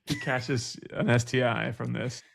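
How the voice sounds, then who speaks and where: A man with a gravelly, creaky voice co-hosting a book podcast. He is playful and laughs often as he riffs on jokes. The sound is dry and close to the mic, with no room echo. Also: mid-range voice, unhurried. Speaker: podcast co-host. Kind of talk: casual book club chat.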